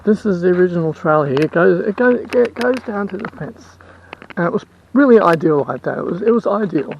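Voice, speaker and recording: A man's voice: sits high, animated, normal speed, vocal fry, darkish tone, slight background noise, poor audio. A man with an Australian accent, rambling and complaining in a casual vlog rant, repeating himself as he goes. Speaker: vlogger and house sitter.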